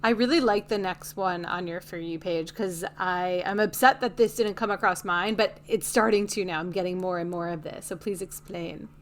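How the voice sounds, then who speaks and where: A woman co-hosting a podcast in casual chat. She is upbeat and agreeable, and quick to chime in. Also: lowish voice. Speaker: podcast co-host.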